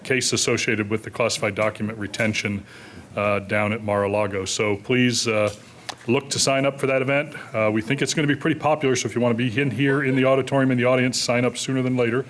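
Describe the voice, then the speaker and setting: A man hosting an event in an auditorium, thanking the guests and announcing upcoming events with many pauses and fillers. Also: medium pitch, steady tone, a bit bright. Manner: hesitant, many filler words. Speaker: event host. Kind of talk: closing announcements.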